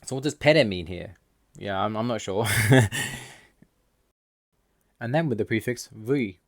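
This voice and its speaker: Lowish man explaining language points. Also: animated, no room sound, studio quality. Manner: measured, reads out word lists slowly. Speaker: language learner explaining Russian. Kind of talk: scripted voice-over explanation.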